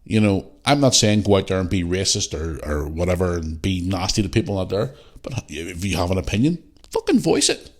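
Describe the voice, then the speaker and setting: A podcast host from Northern Ireland rants bluntly and with energy, swearing heavily throughout. His voice is low-pitched with big swings in pitch, and he talks a little fast.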